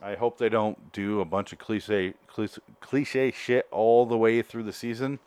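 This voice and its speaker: A man's voice: lowish voice, flat delivery, a little slow, darkish tone, smooth, dry recording. A man hosting a solo podcast, reviewing an episode in a rambling, joking way that keeps correcting itself. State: out of breath. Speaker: podcast host.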